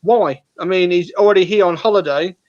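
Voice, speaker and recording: Male host, high-pitched, chatty storyteller, slightly muffled lo-fi sound. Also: fairly quick. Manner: chatty storyteller who acts out quotes. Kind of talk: casual chat.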